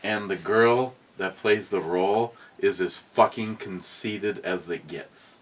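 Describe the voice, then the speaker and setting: Low-voiced guy hosting a beer review chat, rambling and cussing, gets animated telling stories. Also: slow pace. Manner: rambling, profane, animated storytelling. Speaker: beer review podcast host. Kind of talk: casual chat.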